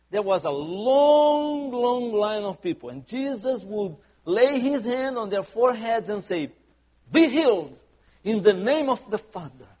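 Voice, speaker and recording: A man preaching a sermon as pastor, conversational and humorous, often asking the congregation questions. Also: high voice. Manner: humorous asides.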